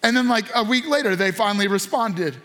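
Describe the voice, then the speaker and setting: High-voiced man preaching in a chatty way. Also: animated, fairly quick, sharp tone. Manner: casual storytelling with acted quotes. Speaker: pastor. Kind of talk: sermon.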